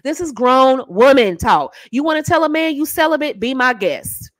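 A woman's voice: high-pitched, animated, normal speed, dry recording. A woman hosting a channel as a dating coach, giving sassy, emphatic straight-talking advice and calling the listener baby and honey.

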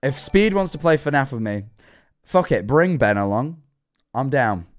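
A man's voice: medium pitch, sing-song, unhurried. A man livestreaming his reaction to a horror series, rambling and swearing as he talks to his chat, his voice worn out. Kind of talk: casual livestream commentary.

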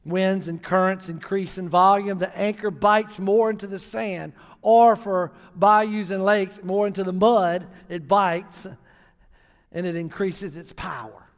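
A man preaching a sermon as pastor, telling a story and rising to emphatic, near-shouted points. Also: high voice, steady tone, measured pace. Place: church sanctuary. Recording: long reverb of a large church hall.

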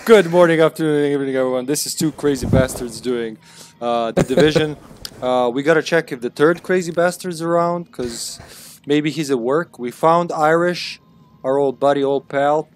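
A man's voice: on the high side, moderate pace, slight background noise. A Welsh man in casual co-op gaming banter, jokey and laughing often, with the odd swear. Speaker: co-op gaming streamer.

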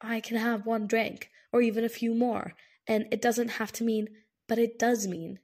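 A woman's voice: on the high side, flat delivery, normal speed, a little mellow. A woman reading an audiobook, voicing an agitated, grieving young man who snaps and curses. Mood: grumbling. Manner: snapping, exasperated, curses often. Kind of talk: audiobook character voice.

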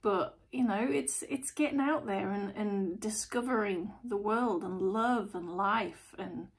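A woman giving a casual, chatty tarot reading to camera as host, blunt and animated. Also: mid-range voice, measured pace. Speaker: tarot reader, channel host.

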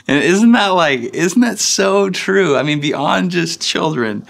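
A man in his thirties preaching a sermon as a pastor in a church, speaking in a relaxed, conversational way with frequent fillers like "uh" and "like.". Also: high voice, slow pace, vocal fry. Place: church stage.

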